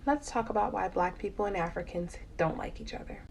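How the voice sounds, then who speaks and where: A woman's voice: mid-range voice, fairly quick, creaky, darkish tone, far from the mic, a little hiss or hum. A woman giving frank, matter-of-fact social media commentary.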